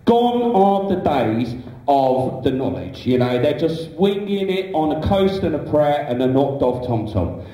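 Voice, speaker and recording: A young man performs stand-up on a small indoor comedy club stage, chatty and rambling with constant "you know" fillers. His slightly high voice swings widely in pitch, unhurried and dark in tone, heard echoey from a distant camera.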